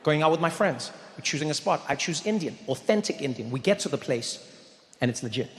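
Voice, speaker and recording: Stand-up comic, animated storyteller, fairly high voice, long hall reverb. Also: male voice, fairly quick, slight background noise. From South Africa. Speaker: stand-up comedian. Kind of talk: stand-up comedy set. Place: stage in a large venue.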